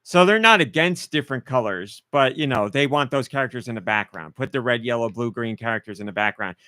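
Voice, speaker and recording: A man's voice: medium pitch, lively intonation, a little fast, pushed and bright, no echo, studio quality. A man hosting a casual podcast, running a guessing game with playful teasing. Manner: playful, teasing quiz-master. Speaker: podcast host.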